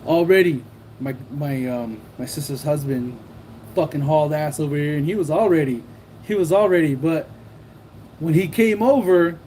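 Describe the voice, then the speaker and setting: A man's voice: a little high, normal speed, mellow, slight background noise, low-quality recording. A man telling a personal anecdote in casual slang, swearing a lot and acting out what people said. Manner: profane, streetwise slang, acts out quotes. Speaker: storyteller.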